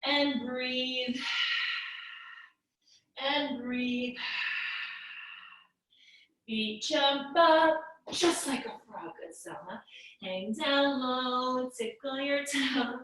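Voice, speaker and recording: A woman teaching a kids yoga class in a playful, sing-song way, with drawn-out phrasing. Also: sits high, fairly even intonation, fairly bright tone. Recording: echoey room, voice from a distance.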